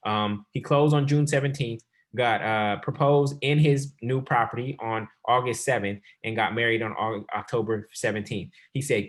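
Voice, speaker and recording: A man hosting a real estate investing webinar as coach, talking fast and calling the audience y'all. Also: medium pitch, fairly even intonation. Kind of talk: sales webinar presentation.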